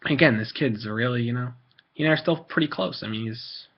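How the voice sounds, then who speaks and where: A man's voice: mid-range voice, brisk, highs cut off. A teenage boy ranting casually on a vlog, rambling with lots of fillers, restarts and swearing. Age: teens. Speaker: video maker.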